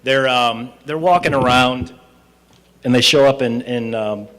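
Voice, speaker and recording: A man's voice: mid-range voice, unhurried, a bit bright. Man giving a chatty closing speech. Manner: conversational, frequent fillers and restarts. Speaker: speaker at a student team presentation. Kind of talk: informal closing speech with storytelling. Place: event hall at a university presentation.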